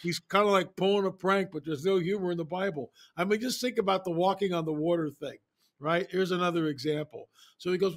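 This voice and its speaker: Sex: man. Role: interview guest. Style: casual storytelling. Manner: animated, emphatic, repeats phrases. Pitch: a bit high. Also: brisk.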